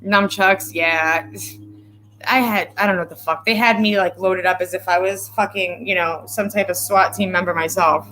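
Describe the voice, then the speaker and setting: Over soft background music, this vlogger speaks in a low-ish, sharp voice with a steady tone and moderate pace. On her casual live stream she rambles, swears with sarcasm, and sometimes chokes up reading comments from viewers.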